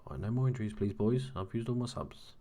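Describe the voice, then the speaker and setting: A young man quietly commentating on his own football management game in a casual chat. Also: quick pace. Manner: talking quietly, late-night low-key chatter. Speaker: gaming commentator. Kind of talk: casual let's-play commentary.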